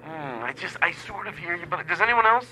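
Male comedy host, animated and mock-earnest, bright voice. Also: a little high, brisk, slightly rough, poor audio. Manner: animated, mock-earnest, talking to a pretend caller. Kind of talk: improvised comedy bit.

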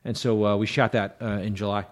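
A man's voice: fairly low pitch, level tone, quick pace. A man, a comedian guest, chatting casually in an easygoing, rambling way. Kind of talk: casual chat.

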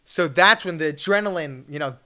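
A man in his twenties telling a story at a fireside chat, animated, acting out the people in it and laughing often. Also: on the high side, a little fast. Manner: animated, acts out voices, laughs often, shouts in bursts.

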